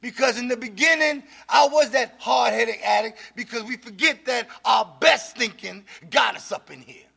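At a recovery meeting, a man gives his testimony in a high, piercingly bright voice with a gravelly edge. Preaching more than chatting, he often shouts for emphasis and laughs between points, talking at a normal speed with hardly any pauses.

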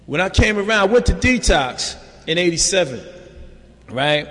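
An older New York man shares his recovery testimony at a meeting, loose, streetwise and conversational, saying "you know" constantly. His high-pitched, fairly bright voice swings widely in pitch at normal speed, and the hall around him is reverberant.

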